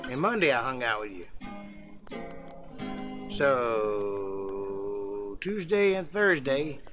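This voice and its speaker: A man's voice: a little high, very animated, normal speed. A man hosting his own music livestream, chatting in a playful, jokey and upbeat way. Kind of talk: casual livestream chat.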